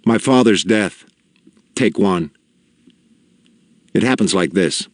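Deep-voiced man reading a story. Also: lively intonation, dry recording. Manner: measured, deliberate storytelling with quiet gravity. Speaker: audiobook narrator. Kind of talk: scripted narration.

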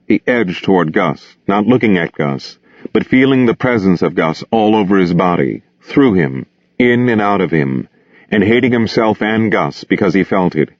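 Grave, low-voiced male audiobook narrator. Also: lively intonation, normal speed, dry recording. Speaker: audiobook reader. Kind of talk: novel narration. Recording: dull, dry close recording.

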